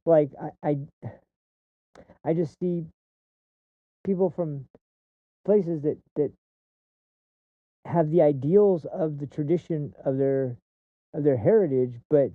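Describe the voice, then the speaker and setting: A man's voice: fairly high pitch, slow pace, long pauses, dry recording. Guy hosting his own show, rambly, lots of uh and restarts, swears, tinny dry phone sound. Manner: rambling, many restarts and fillers, swears when angry. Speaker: podcast host. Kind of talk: casual commentary monologue.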